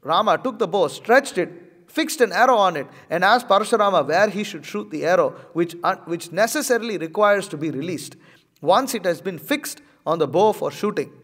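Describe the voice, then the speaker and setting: A man reading a religious scripture aloud and pausing to comment, measured and a little hesitant in his asides. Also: high-pitched, animated, a bit bright, big-room sound. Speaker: religious teacher.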